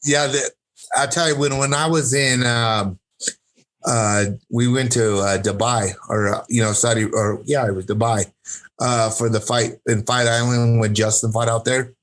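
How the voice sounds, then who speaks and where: A man's voice: medium pitch, steady tone, moderate pace, a bit bright. Brash, rambling man on a podcast. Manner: brash, swears freely, rambles with many fillers. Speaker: podcast guest, fight coach. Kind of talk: casual podcast chat.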